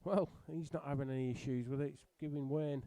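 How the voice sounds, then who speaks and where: Chatty bowls commentator. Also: male voice, mid-range voice, a little fast, dry recording. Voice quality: talks a little strangely from a missing tooth. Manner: chatty, self-deprecating, relaxed. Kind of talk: live sports commentary.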